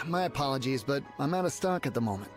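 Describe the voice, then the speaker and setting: A man's voice: mid-range voice, animated, a little fast, over music, close to an everyday voice. An actor playing a courteous, businesslike male mineral merchant in a game, hesitant and apologetic. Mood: polite.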